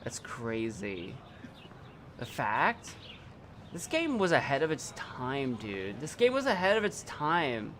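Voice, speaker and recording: A man's voice: mid-range voice, huge pitch swings, slow pace, a bit bright, a little hiss or hum. A young man streaming a video game live, rambling casually and talking back at the screen and his chat. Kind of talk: live gameplay commentary.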